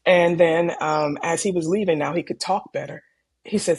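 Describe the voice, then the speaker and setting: A middle-aged woman speaking in a low, gravelly, husky voice as she recounts stories from her work as an emergency doctor. Her delivery is calm and candid, and it turns lively whenever she imitates the people in her stories. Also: normal speed. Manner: calm, candid, animated when quoting others. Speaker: ER physician guest. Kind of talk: conversational storytelling.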